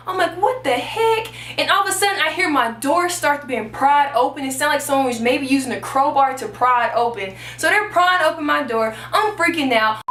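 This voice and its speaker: A young woman from Texas telling a storytime on her vlog, animated and acting out the voices she quotes. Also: high-pitched, far from the mic. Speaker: YouTuber. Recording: echoey room, mic a little off.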